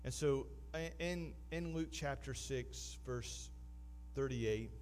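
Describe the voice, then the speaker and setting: A pastor, preaching a sermon in a conversational manner with emphatic swells. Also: male voice, mid-range voice, slow pace, darkish tone, slight background noise.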